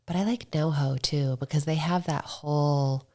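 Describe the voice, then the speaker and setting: A middle-aged woman, a guest on a podcast, chatting casually and telling stories, acting out quoted dialogue and dropping into soft whispers. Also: low voice, steady tone, moderate pace. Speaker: podcast guest, motorcycle club founder.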